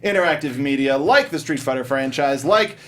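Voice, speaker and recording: A man's voice: medium pitch, animated, brisk, background noise. A man hosting a casual chat show, joking and often laughing as he talks. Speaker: podcast host.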